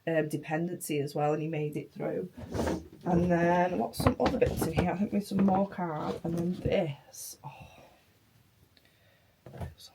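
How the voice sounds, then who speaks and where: A young woman vlogging casually, emotional and halting, her voice hoarse from flu and tonsillitis, sometimes dropping to near-whispers. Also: deep voice, a little mellow, slight background noise. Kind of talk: casual vlog chat.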